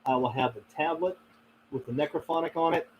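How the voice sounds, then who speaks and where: A man's voice: a little high, a little fast, slight background noise, low-quality recording. A man hosting a casual live stream, reading and answering chat, rambling with many fillers and frequent laughs. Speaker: paranormal channel host reading live chat.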